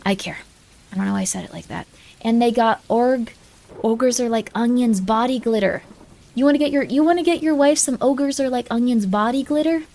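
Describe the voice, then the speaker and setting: With a warm, slightly high voice, a woman streamer talks fairly quickly in casual live-stream chat. She rambles, cracks jokes, and frequently stops herself mid-thought.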